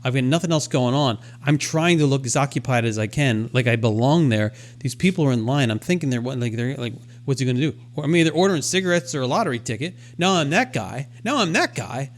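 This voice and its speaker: Brisk and animated, this medium-pitched man barely pauses as he co-hosts a podcast. He's sharing a self-deprecating story casually, voicing his own thoughts as he goes.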